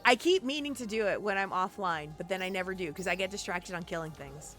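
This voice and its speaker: Woman game streamer, lively and bright, gasps and exclaims, soft game music under. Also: lowish voice, quick pace. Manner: animated, chatty, exclaims and gasps often. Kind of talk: casual gameplay commentary.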